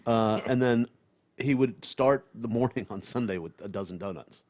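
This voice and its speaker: A stand-up comedian in casual podcast chat, blunt and profane, laughing often and trailing off with fillers. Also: male voice, fairly low pitch, moderate pace, darkish tone.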